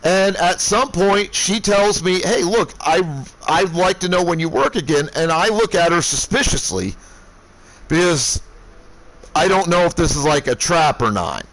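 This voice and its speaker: A man in his thirties streaming from home, telling a story in a casual, profane way that flares into shouting. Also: sits high, expressive, unhurried, rough recording. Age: 30s. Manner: profane, heated retelling, shouting when angry.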